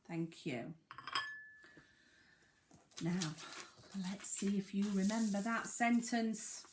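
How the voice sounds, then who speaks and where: A woman teaching a phonics lesson to young children, sounding out words slowly and emphatically. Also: mid-range voice, slight background noise. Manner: slow, sing-song, emphatic sounding out of words. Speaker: primary school teacher. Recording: echoey room.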